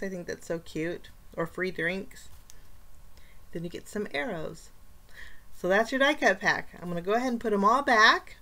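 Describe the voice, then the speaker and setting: A woman's voice: on the low side, fairly bright tone. A woman hosting a casual craft unboxing, chatty and enthusiastic, with frequent fillers. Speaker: craft channel host.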